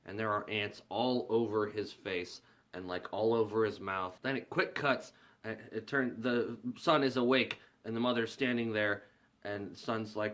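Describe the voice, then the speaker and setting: A man's voice: fairly low pitch, fairly even intonation, moderate pace, a bit bright. A man casually recapping a horror film's plot, loose and profane, acting out the characters' lines as he goes. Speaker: movie reviewer.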